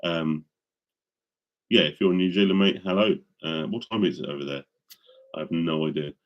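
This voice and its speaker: Talking into a studio mic at a moderate pace, a middle-aged man with a low voice rambles casually to his live stream audience, full of ums and restarts. The sound is lo-fi.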